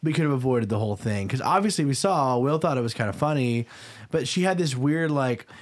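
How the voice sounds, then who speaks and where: A man's voice: mid-range voice, animated, a little fast. A man co-hosting a casual podcast, talking in a chatty, hedging way full of "like.". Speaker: podcast co-host. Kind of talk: casual chat. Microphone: studio microphone.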